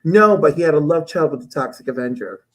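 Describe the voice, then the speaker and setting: High-voiced guy rambling crude stories on a chat panel. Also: lively intonation, fast, poor audio. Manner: crude, rambling storyteller, loud acted outbursts. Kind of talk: casual chat.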